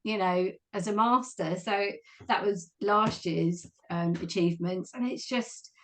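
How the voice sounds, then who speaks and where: Woman, forties, interview guest; candid and reflective, warm laughs between thoughts. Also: medium pitch, measured pace. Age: 40s. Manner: open, reflective, laughs easily. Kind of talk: candid personal conversation.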